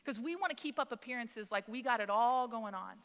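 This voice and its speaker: A woman in her thirties, a mother of three, preaching a sermon in a casual, conversational way, full of lively asides. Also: a little high, fairly quick. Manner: conversational, animated storytelling. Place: church sanctuary. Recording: long hall reverb.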